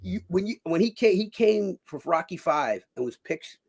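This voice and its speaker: A man talks as an interview guest, spinning loose, rambling stories. His voice is gravelly and sits a bit high, and he keeps dropping "you know" while acting out other people's lines. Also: lively intonation, normal speed. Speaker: guest, former boxer. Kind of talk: casual interview storytelling.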